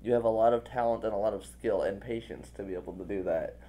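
Male interview host, relaxed dark tone, effusive and eager. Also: fairly low pitch, fast talker. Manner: effusive, enthusiastic praise. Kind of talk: casual interview chat.

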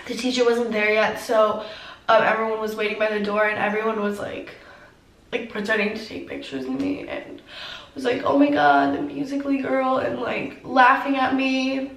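A woman's voice: fairly high pitch, flat delivery, normal speed, fairly bright tone, echoey room, far from the mic, poor audio. Tearful teen girl vlogger. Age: teens. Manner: tearful, heavy use of "like". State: crying. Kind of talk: emotional storytime.

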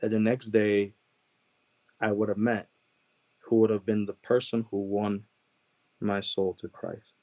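A man from Chicago telling his conversion testimony as a guest, earnest and halting, with many "like" and "you know" fillers. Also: lowish voice, little pitch movement, a little mellow, low-quality recording. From Chicago, USA. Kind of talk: personal testimony storytelling.

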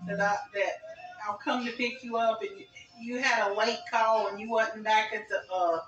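Brash woman, high bright voice. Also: steady tone, normal speed, highs cut off. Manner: brash, profane storyteller. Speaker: mother telling a story. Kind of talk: casual family chat. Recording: roomy, distant home recording.

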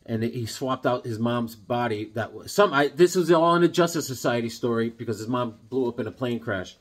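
A man reviewing comics in a casual, excitable, rambling way, full of fillers. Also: medium pitch, fairly quick.

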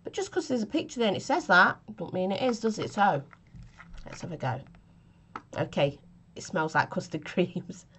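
A woman's voice: on the low side, big pitch swings, normal speed, a bit bright, husky. A woman chatting casually through a vape flavour review, giggly and self-mocking, with a cough from a chest infection.

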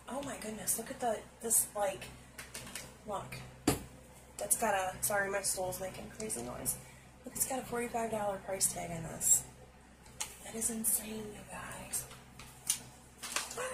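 A woman's voice: medium pitch, background noise. A woman vlogger unboxing makeup on camera at home, gushing and exclaiming to her viewers. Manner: gushing, exclaims often, talks to viewers directly. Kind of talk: casual unboxing chat to camera. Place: indoors at home, seated on a stool.

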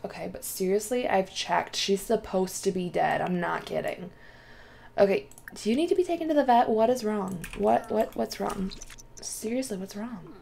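A woman's voice: mid-range voice, a little slow, creaky, a crowd in the background. A woman hosting a let's play, chatting casually through her gameplay, often exclaiming and talking to the characters on screen.

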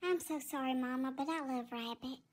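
A woman voicing a timid, sweet male house cat with a Southern accent, speaking softly and apologetically. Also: high voice, a little fast, pitched above the performer's own voice, natural voice. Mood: meek. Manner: soft, meek, apologetic. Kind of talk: comedic pet voiceover.

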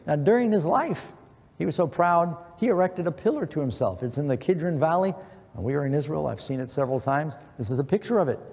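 A man's voice: on the high side, animated, fast, vocal fry, a little mellow. A middle-aged man preaching an earnest sermon, quoting scripture with emphasis. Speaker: pastor. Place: church. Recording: long church reverb.

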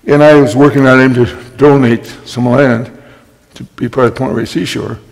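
A man's voice: mid-range voice, fairly even intonation, normal speed. Older man telling stories in a hall. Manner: anecdotal, wry, clears throat often. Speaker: guest speaker. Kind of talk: storytelling talk. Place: library talk hall. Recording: long hall reverb.

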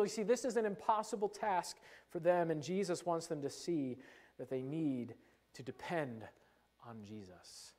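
High-voiced man preaching a sermon. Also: unhurried. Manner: emphatic, drops to soft low endings on key phrases; acts out the disciples' worries in a fretful voice. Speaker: pastor.

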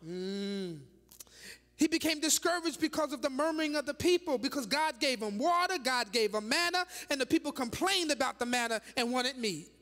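A woman bishop preaching a sermon in a church, dramatic and animated, firing rhetorical questions at the congregation with laughing asides. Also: sits high, normal speed. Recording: long reverb of a large church hall.

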